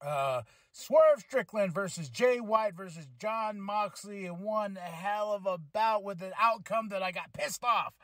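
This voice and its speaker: A man hosting a podcast, reviewing a wrestling show in casual chat, excitable, laughing often and swearing freely. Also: sits high, a little slow, few pauses, no room sound, clean studio sound. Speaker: podcast host.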